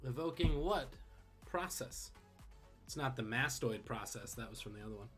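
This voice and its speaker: A man hosting a live-streamed trivia quiz, reading questions and tossing in quick joking asides. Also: mid-range voice, lively intonation, a bit bright, soft background music. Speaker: trivia host.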